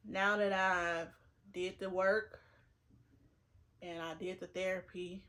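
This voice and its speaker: In this casual get-ready-with-me chat, a woman in her twenties talks earnestly to the camera, fighting back tears and repeating points for emphasis. Her voice is lowish, a bit bright, slow and flat in delivery.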